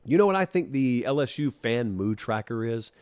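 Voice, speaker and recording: Speaking directly to fans, a male show host from Georgia delivers opinionated college football commentary, wry, teasing and emphatic. He has an expressive, slightly mellow mid-range voice and a moderate pace.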